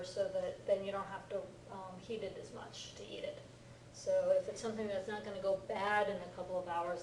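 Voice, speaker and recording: A woman teaching a Japanese lesson who talks in an animated way, acting out example lines and laughing often. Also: mid-range voice. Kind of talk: lively one-on-one lesson. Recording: echoey room, far from the mic, faint noise.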